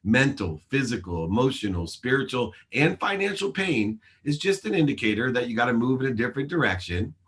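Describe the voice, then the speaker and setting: A man's voice: mid-range voice, very animated, brisk, few pauses, fairly bright tone. A man in his forties, a show host, telling his life story in an interview with earnest, emphatic delivery and acted-out dialogue.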